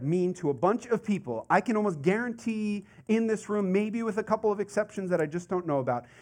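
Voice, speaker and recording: A man preaching a sermon in a conversational, animated way, full of asides and rhetorical questions. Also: fairly high pitch. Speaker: pastor.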